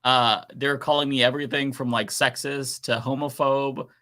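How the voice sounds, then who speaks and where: A man's voice: mid-range voice, level tone, moderate pace, bright, forceful tone. A man co-hosting a casual online panel show, talking in a rambling, profane way with frequent laughs. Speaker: podcast co-host. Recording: remote stream call.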